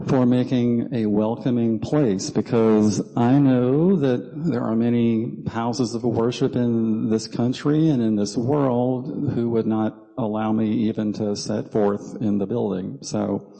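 A man's voice: medium pitch, steady tone, takes it slowly, vocal fry, hardly any pauses, dark tone. A man from South Carolina with a Southern accent, a guest speaker giving a humorous talk from a church pulpit, chatty, with many ums and self-deprecating jokes. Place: church sanctuary. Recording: long hall reverb.

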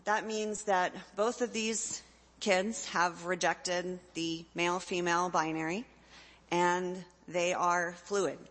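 A woman's voice: on the low side, fairly even intonation, slow, a bit bright. A middle-aged woman, a parent, giving an earnest, heartfelt talk to an audience. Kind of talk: personal speech to an audience. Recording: long hall reverb.

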